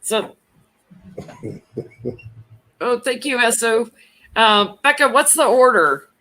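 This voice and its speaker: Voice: mid-range voice, slow pace, sharp tone. A tarot reader hosting a casual livestream chat, chatty and giggling along.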